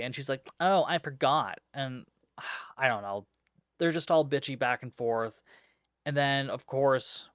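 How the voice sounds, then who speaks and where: A man's voice: medium pitch, a bit bright, clear, resonant tone, no room sound, clean studio sound. A young man hosting a podcast, recapping a movie in a sarcastic, exasperated way and swearing freely. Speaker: podcast host. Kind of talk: casual movie review recap.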